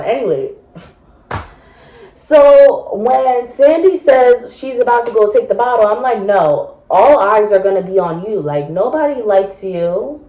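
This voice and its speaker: A woman's voice: medium pitch, darkish tone. A woman telling a funny personal story in a casual, chatty way, swearing freely and adding asides to the listener. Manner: chatty, profane, dramatic retelling with asides. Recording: roomy echo.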